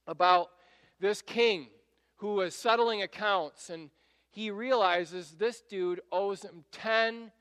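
A male pastor preaches in a relaxed, conversational way, with a high and smooth, resonant voice. His words carry through a large church sanctuary with a long reverb tail. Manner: conversational preaching, acting out quotes. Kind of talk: sermon.

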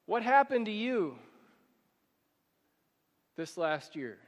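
A male pastor preaching a sermon, asking rhetorical questions and slowing down and rising in pitch when he reads scripture. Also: big pitch swings. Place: church sanctuary. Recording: church hall with long reverb.

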